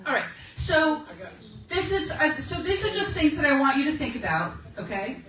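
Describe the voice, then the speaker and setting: A woman's voice: sits high, very animated, moderate pace, a bit bright. A woman in her sixties, a guest speaker at a meeting, telling stories in a chatty way, laughing often and checking in with "okay?". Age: 60s. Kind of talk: casual encouraging talk. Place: meeting room. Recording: very echoey room, recorded from far off.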